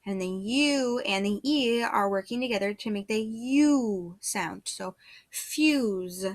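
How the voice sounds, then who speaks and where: A woman's voice: mid-range voice, takes it slowly. A woman teaching first grade phonics, patiently sounding out letters and words one at a time. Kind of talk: slow phonics dictation lesson.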